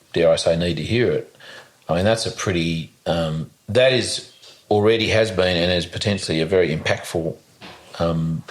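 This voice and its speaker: A man hosts a relaxed podcast interview, speaking in a fairly low voice. He talks haltingly, stacking fillers and false starts as he circles his point. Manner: halting, many fillers and restarts. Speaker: podcast host. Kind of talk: casual interview chat.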